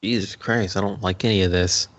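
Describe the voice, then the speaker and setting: A man's voice: sits low, fairly even intonation, brisk, fairly bright tone. A man co-hosting a podcast in casual chat, reacting with short asides and laughs. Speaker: podcast co-host. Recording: dull lo-fi sound.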